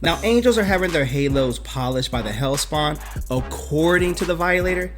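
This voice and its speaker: A man's voice: a little high, animated, moderate pace, a bit bright, faint music behind. A man casually recapping a comic book story, joking as he goes.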